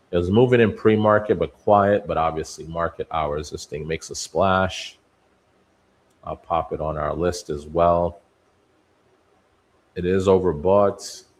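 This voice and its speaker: A man hosting a live day-trading stream, giving running market commentary and talking to the stocks on his watchlist as if they were people. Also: deep voice. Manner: talks to stocks like people, musing and bantering.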